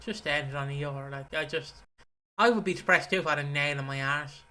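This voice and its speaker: A man's voice: on the high side, a little fast, pushed and bright, slight background noise. A man co-hosting a casual podcast, rambling and swearing as he stumbles through his thoughts. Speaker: podcast co-host. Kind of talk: casual chat.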